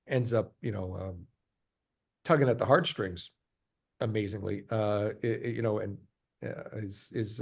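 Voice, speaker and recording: A voice actor being interviewed, talking in a halting, animated way in casual chat. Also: male voice, fairly low pitch, creaky. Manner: animated, halting, jumps to quick voice demos. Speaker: voice actor guest. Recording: slightly muffled, lo-fi sound.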